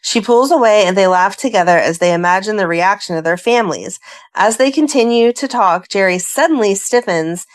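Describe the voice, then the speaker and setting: A woman's voice: mid-range voice, expressive, brisk. A woman co-hosting a fan podcast, reading plot recaps aloud and breaking off into chatty asides. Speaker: podcast co-host. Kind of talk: casual chat, reading episode recaps.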